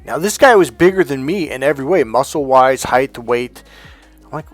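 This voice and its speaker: Middle-aged male coach talking casually, acting out dialogue as he tells stories; mid-range pitch, light music bed. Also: normal speed. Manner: storytelling, acts out dialogue, animated asides. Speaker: NLP trainer and hypnotherapist. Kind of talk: casual motivational talk.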